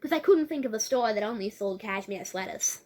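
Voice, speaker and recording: A woman's voice: medium pitch, animated, fairly quick, a little mellow, lightly acted. A woman voicing a laid-back teenage girl from Australia in a book reading, attempting a light put-on Australian accent with casual slang. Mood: breezy.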